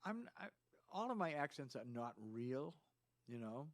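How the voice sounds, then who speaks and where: Male host, casual, rambling anecdotal storyteller, average-pitched voice. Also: very animated, a little slow, a crowd in the background. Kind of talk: casual chat.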